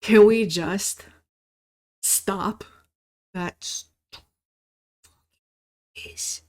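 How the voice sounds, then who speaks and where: A woman's voice: medium pitch, drawn-out words, darkish tone. A woman in her thirties hosting a podcast, rambling casually in a solo monologue, swearing often and mock-ranting. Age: 30s. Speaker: podcast host.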